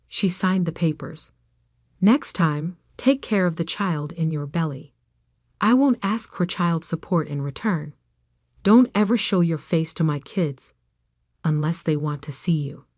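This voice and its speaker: A woman narrating a first-person family drama story in an even, steady storytelling delivery. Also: low voice, no echo, clean studio sound.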